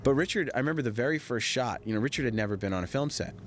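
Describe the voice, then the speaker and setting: A man, a film director, giving a DVD audio commentary, telling stories in an animated way and mimicking the people he quotes. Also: medium pitch, very fast, slight background noise. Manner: animated anecdotal storytelling, mimicking others in quoted dialogue.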